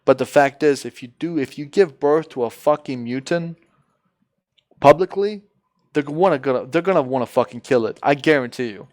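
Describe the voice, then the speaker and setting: A man's voice: fairly high pitch, moderate pace, a little mellow. Ranting, profane man on voice chat. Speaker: voice chat participant. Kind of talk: heated casual argument.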